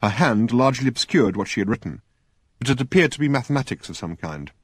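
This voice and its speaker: Lively, husky male audiobook narrator. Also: mid-range voice, fast, no echo, studio quality. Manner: lively, expressive storytelling. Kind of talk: scripted narration.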